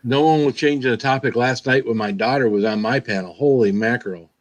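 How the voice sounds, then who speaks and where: A man's voice: mid-range voice, a little fast, a loud crowd. A man chatting on a live stream, teasing the others and repeating words for laughs. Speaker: fellow streamer. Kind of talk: casual live-stream chat.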